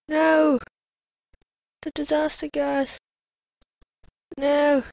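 A woman commenting on her own gameplay in a let's play, excitable and shouting taunts at enemies. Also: on the high side, no echo, poor audio. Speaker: gamer.

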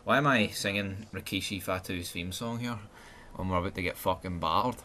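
A man with a Scottish accent giving live, foul-mouthed gameplay commentary, swinging between excited yelling and glum muttering. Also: sits low, a little fast, a little hiss or hum. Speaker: gaming channel host.

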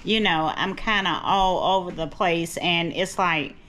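Woman, middle-aged, low-pitched, chatty, rambling, home vlog, faint background noise. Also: unhurried, a bit bright. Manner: rambling, chatty, addresses viewers as cousins. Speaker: vlogger. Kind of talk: casual chat to camera. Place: at home, kitchen.

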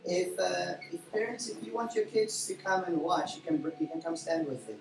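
Male pastor leading a service, rambling and full of fillers, mid-pitched voice, heard from a distance in an echoey hall. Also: moderate pace, vocal fry. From South Africa. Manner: warm, rambling, with frequent fillers and self-corrections. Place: church hall during a service. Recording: roomy church hall from a distance, faint music.

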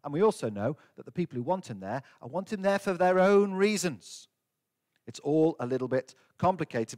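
A man leading a children's talk in a church service, playfully asking the young ones questions and coaxing answers. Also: on the high side. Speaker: priest leading a family service.

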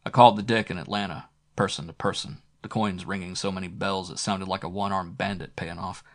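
Low-voiced male reader, terse noir audiobook narration. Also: fairly even intonation, fairly quick. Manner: terse, clipped. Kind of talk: first-person hardboiled audiobook narration.

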